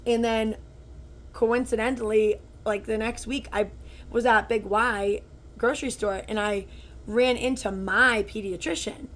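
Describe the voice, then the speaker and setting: Unhurried and steady, with a slightly high voice, this twenty-something woman tells stories as a podcast co-host in casual chat, sprinkling "like" throughout.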